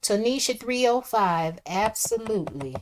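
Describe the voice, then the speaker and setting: This woman's voice sits fairly high, animated and a little slow, as she hosts a livestream. She reads viewer comments aloud and responds casually and chattily, shifting between soft remarks and loud outbursts.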